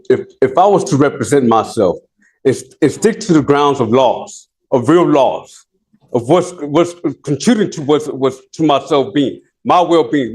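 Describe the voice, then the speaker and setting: A man speaking as a defendant in a courtroom, pleading his case in halting, rambling sentences full of restarts. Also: on the high side, darkish tone.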